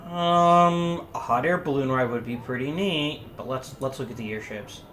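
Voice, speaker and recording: A man hosting a let's play, reading a story game aloud with animated asides. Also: mid-range voice, moderate pace. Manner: animated, gasping reactions. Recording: roomy echo, faint noise.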